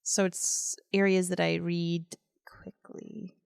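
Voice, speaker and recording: A woman in her thirties co-hosting a podcast, chatty and quick to act out voices. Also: on the low side, level tone, vocal fry, darkish tone, clean tone, no echo, clean studio sound. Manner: chatty, laughs easily, acts out voices. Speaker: podcast co-host. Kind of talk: casual chat.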